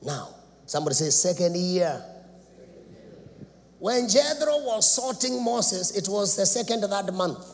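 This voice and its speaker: A man preaching a sermon in a church, dramatic, swinging between loud shouts and low asides. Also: animated, normal speed. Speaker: apostle preaching. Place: church sanctuary. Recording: reverberant church hall, faint background noise.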